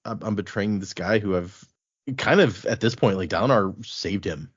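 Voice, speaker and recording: A man hosting a casual podcast, retelling a book's chapters in an animated way and quoting the characters in a loose, conversational voice. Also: on the low side, moderate pace, husky. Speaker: podcast host recapping a book. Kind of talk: casual chat. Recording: dull lo-fi podcast audio.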